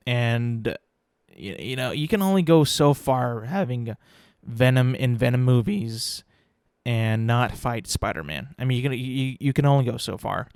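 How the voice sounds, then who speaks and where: A man's voice: medium pitch, a little mellow, clean tone, no echo, studio quality. A young man hosting his own podcast, talking casually alone, rambling and repeating words, swearing now and then. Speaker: podcast host. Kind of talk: casual solo commentary.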